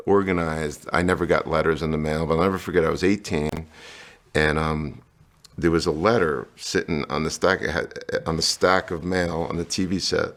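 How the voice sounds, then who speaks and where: Deep, gravelly man telling his story. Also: fairly bright tone. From New Jersey. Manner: candid, storytelling, acts out quoted lines. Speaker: guest.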